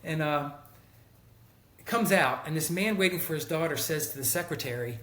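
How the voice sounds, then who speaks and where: A middle-aged man, a former teacher, recounts stories in a relaxed conversation, slipping into the voices of the people he quotes. His voice sits somewhat high for a man. The sound carries a noticeable room echo. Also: moderate pace. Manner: animated storyteller who acts out quoted people. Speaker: guest, former teacher and school counselor. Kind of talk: casual storytelling conversation.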